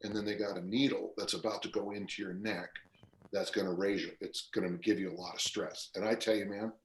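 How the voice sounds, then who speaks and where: A man's voice: on the low side, level tone, brisk, a little hiss or hum. A man in his sixties, a strength coach talking as a podcast guest in a loose, rambling storytelling way, full of fillers and restarts. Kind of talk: casual podcast interview. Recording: roomy echo.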